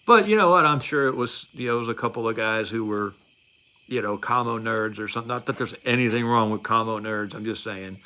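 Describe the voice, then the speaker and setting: A man's voice: on the low side, brisk, pushed and bright. A middle-aged man telling a story in a casual, rambling, wry way, with many fillers and restarts.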